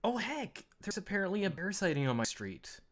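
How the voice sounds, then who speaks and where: A man's voice: high voice, very animated, brisk, a bit bright. A man from New England chatting casually on a fan show, hesitant and rambling while giving frank opinions. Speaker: co-host of a fan talk show. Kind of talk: casual chat.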